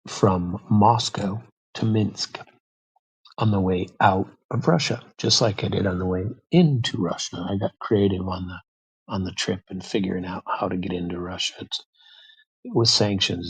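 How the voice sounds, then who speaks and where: A man's voice: fairly low pitch, vocal fry, husky, low-quality recording. An American man hosting a show, telling a story in a casual, rambling way with many fillers and restarts. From United States. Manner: rambling, repeats words, frequent fillers. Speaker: podcast host.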